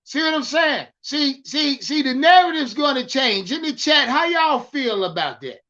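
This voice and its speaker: A man hosting a live stream, loudly hyped and swearing as he ranted about football and answered his chat. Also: extremely high pitch, sing-song, moderate pace, lo-fi sound. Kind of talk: profane live-stream sports rant.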